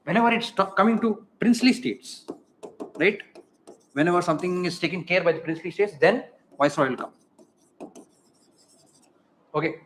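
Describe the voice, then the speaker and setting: Man, Indian English accent, high voice, revision lecture, quizzing the class, repeating key terms. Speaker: teacher.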